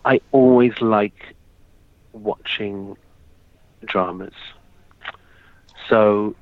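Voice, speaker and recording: A man's voice: fairly low pitch, fairly even intonation, very slow, no room sound, phone-quality sound. A man answering casual interview questions with hesitant restarts and dry humor. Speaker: interview guest. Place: lives in London.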